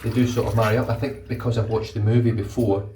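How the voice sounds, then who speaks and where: A lower-voiced man talks about his reading in a loose, rambling way and swears casually as he goes. He sounds a little distant from the mic, and the hard bathroom walls give him a hollow echo. Running tap water is clearly heard behind him. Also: level tone, quick pace, background noise. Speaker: vlogger. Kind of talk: casual chat.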